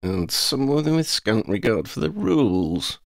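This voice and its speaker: A man playing a dry-witted steady young wizard. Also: on the low side, creaky, dry recording, voice pushed up. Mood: measured. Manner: dry, measured.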